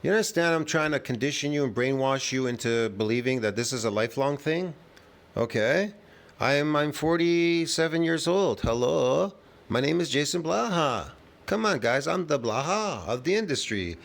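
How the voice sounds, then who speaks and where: A man's voice: on the high side, animated, moderate pace, creaky. A man doing a mocking impression of a boastful, arrogant aging gym guru who brags in an exaggerated way.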